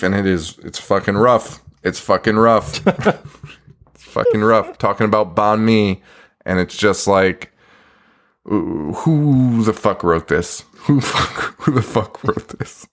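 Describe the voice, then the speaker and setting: A man with a fairly low yet slightly bright voice co-hosts a podcast, recapping a movie scene by scene in casual review chat. He swears frequently and keeps laughing in disbelief.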